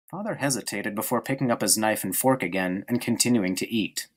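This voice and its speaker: A man narrating a novel chapter aloud with expressive, carefully paced emphasis. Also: lowish voice. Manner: expressive, varied reading with slowed emphasis. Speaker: audiobook reader. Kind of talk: storybook narration.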